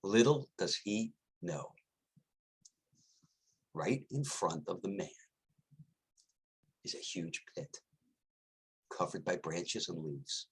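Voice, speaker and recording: A man, a rabbi, giving a short sermon as an expressive storyteller. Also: sits low, takes it slowly, long pauses, husky.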